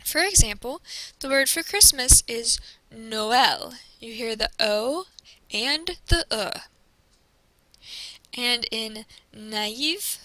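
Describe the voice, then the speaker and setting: A woman teacher giving a recorded classroom presentation, explaining slowly and carefully and modeling each pronunciation. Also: high-pitched, sharp tone, no room sound, poor audio.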